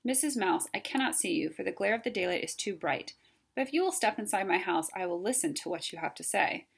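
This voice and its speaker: A woman voicing a stern, formal old male owl in a storybook read-aloud, speaking in a measured, formal way. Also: mid-range voice, lively intonation, vocal fry, husky.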